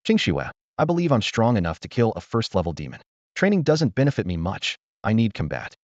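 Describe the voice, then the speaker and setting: A man voicing a calm, polite young man with a composed, steady manner. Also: fairly low pitch, fairly quick, no room sound. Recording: dull lo-fi dry recording.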